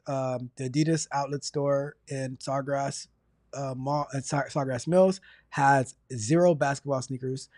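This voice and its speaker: A man's voice: mid-range voice, no room sound, studio quality. Rambling, stammering male streamer. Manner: rambling, stammers and repeats words; chatty and energetic. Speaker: livestream host. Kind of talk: casual livestream chat.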